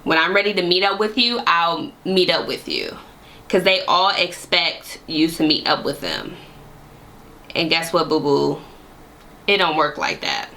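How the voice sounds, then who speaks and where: Woman, young adult, vlogger, casual storytime, sassy slangy delivery, slow pace, bright forceful tone. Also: deep voice, creaky. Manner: animated, sassy, slangy retelling with frequent laughs.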